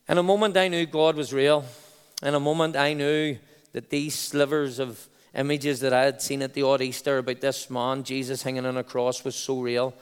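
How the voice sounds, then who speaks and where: A man's voice: mid-range voice, smooth. Earnest Belfast man in a reverberant hall. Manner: earnest, halting, repeats phrases for weight. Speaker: speaker giving testimony. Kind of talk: personal faith testimony.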